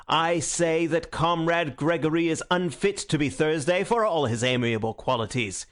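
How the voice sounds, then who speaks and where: A man's voice: medium pitch, natural voice. A man voicing a fiery young male anarchist orator in an audiobook, speaking in a rousing, declamatory way. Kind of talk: audiobook character reading.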